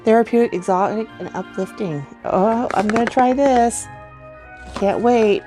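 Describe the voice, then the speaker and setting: A middle-aged woman chatting casually as she unboxes giveaway gifts, gushing with excited oohs and soft gasps. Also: a little high, a little slow, soft background music. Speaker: vlogger unboxing a giveaway box.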